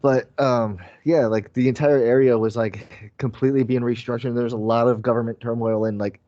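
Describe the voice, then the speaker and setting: A man with a mellow, relaxed voice chats on a podcast, wandering through his thoughts and packing his sentences with fillers. The sound is dry and dull, close to a home mic. He keeps a middle pitch throughout. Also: a little fast, dry recording. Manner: rambling, many fillers like "like" and "um". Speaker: podcast co-host. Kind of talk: casual chat.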